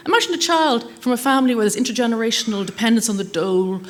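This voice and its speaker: A woman's voice: fairly high pitch, lively intonation, rapid-fire. A middle-aged woman, giving a chatty conference talk full of anecdotes and self-deprecating jokes. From Ireland. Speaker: conference speaker. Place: conference hall.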